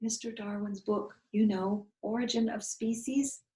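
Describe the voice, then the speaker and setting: A woman's voice: medium pitch, fairly even intonation, a little slow, warm tone, echoey room, voice pushed up, natural voice. A woman reading aloud and voicing a spirited eleven-year-old girl, earnest and a little flustered.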